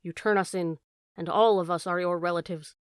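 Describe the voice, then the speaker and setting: A woman voicing a wounded male fox who begs quietly and then hisses with bitter contempt, in a storybook reading. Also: on the low side, lively intonation, fast talker, slightly rough, no echo, clean studio sound, heavily acted. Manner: pleading, then hissing with contempt.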